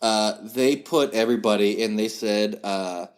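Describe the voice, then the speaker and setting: A man's voice: on the low side, measured pace. Chuckling man with a West Virginian drawl. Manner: chuckles as he tells stories, acts out relatives' voices. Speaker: podcast guest. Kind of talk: casual storytelling chat.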